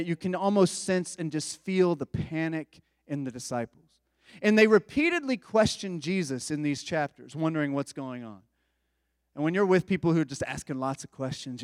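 A man's voice: on the high side, no room sound, studio quality, big-room sound. A man preaching a sermon in a conversational style, with informal asides to the congregation. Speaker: pastor.

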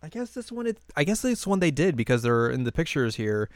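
A man's voice: fairly high pitch, sing-song, brisk, no echo, clean studio sound. A man co-hosting a podcast, recapping an episode in casual chat, laughing often. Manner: laughs often, rambling recap with acted quotes. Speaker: podcast co-host.

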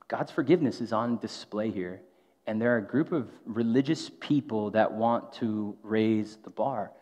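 A man's voice: on the low side, normal speed, a little mellow. A man preaching a sermon in a casual, conversational way, often tossing in a rhetorical "right?". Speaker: pastor. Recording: long hall reverb, dull lo-fi sound.

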